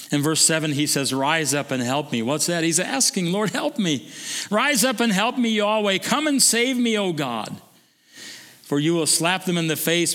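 Guy preaching a sermon, high voice, goes from loud and emphatic to quiet and low, lots of hall reverb. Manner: wide swings from emphatic declaiming to soft low musing. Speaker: pastor.

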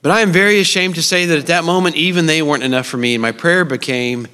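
A middle-aged man preaches to a congregation, his voice sitting a bit high for a man. He tells personal stories earnestly, with flashes of humor. The sound carries a long reverb, as in a large church auditorium. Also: fast talker, few pauses, pushed and bright, clear, resonant tone. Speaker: speaker at a church service. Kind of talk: sermon.

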